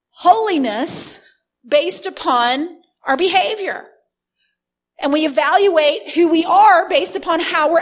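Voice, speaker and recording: A woman preaching a sermon, teaching earnestly and slowing down to stress key words. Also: high-pitched, a little hiss or hum.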